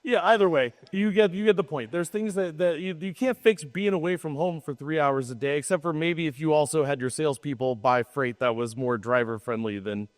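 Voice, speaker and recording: A man's voice: on the high side, a little fast, few pauses, long reverb tail. A man co-hosting a podcast in casual chat, talking in a rambling, emphatic way and often restarting his sentences. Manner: rambling, self-interrupting, emphatic. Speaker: podcast co-host.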